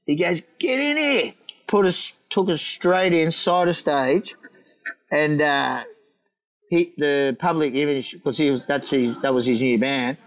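A man's voice: on the high side, a little slow, poor audio. An Australian man telling rowdy stories in casual chat, swearing, laughing and acting out what people said. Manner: animated, swearing, laughing, acting out quoted voices.

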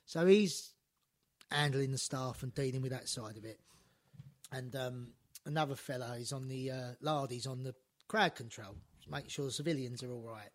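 A man telling lively stories in casual chat, acting out quotes, swearing and laughing. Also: medium pitch, normal speed. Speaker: podcast guest storyteller.

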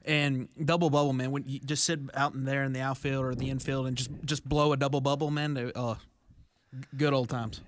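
A man co-hosting a radio show, talking in a halting, stammering and sheepish way. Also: medium pitch, level tone, a little hiss or hum. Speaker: radio co-host. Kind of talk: casual radio chat.

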